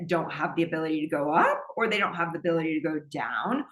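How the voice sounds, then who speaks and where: Woman, speech pathologist, lecture presentation, low-ish pitch, roomy echo. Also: lively intonation, quick pace. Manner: explanatory, with light laughs. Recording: echoey room.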